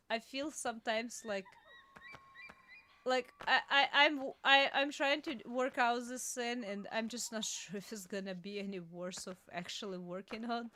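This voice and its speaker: A young woman streaming a game, chatting casually, laughing often and yelping and shouting at what happens on screen. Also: on the high side. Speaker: VTuber streamer. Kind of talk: casual gameplay commentary.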